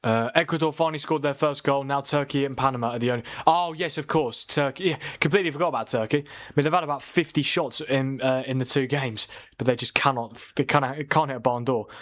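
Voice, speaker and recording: Young guy, chatty watchalong streamer, mid-pitched, easygoing. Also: fast talker, few pauses, a bit bright. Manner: chatty, reads viewer comments aloud, laughs often. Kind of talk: casual live-stream commentary.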